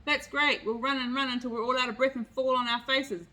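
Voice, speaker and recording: A woman's voice: high-pitched, fairly even intonation, fairly quick, pushed and bright, pitched above the performer's own voice. A woman voicing a sarcastic, mocking fox in a read-aloud picture book.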